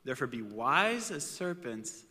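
A man's voice: mid-range voice, sing-song, a little slow, sharp tone, big-room sound. A man preaching a casual sermon with personal stories, talking in a conversational way with chatty asides.

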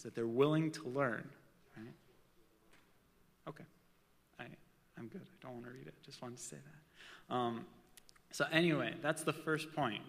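A man gives a casual sermon, chatting with his listeners and slipping in personal asides. His voice is bright and forceful. It rings out with a long reverb, as if from a large hall. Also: medium pitch. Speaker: preacher.

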